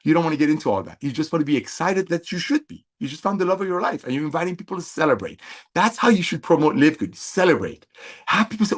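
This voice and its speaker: A man coaching a sales team, talking fast in a fairly high voice. His delivery is energetic and repetitive, pressing each point again and again with an evangelical, preachy zeal. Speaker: network marketing leader.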